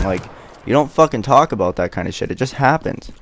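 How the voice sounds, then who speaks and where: A man's voice: mid-range voice, expressive, fairly quick, gravelly, a little hiss or hum. A young man vlogger telling a rambling, profane, self-mocking story in casual chat.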